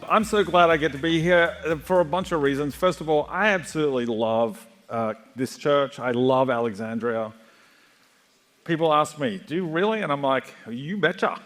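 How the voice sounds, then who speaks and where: A middle-aged Australian man giving a joking, animated keynote talk to a live audience in a large hall. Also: fairly high pitch, normal speed, soft background music. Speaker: conference speaker.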